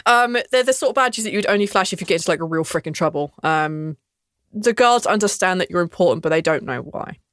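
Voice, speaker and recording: A woman's voice: fairly low pitch, expressive, quick pace, fairly bright tone, no echo. A woman runs a tabletop game, describing the scene in an easy, chatty way with plenty of ums. Her voice is close and dry, with no room sound. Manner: descriptive, casual, many fillers. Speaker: game master.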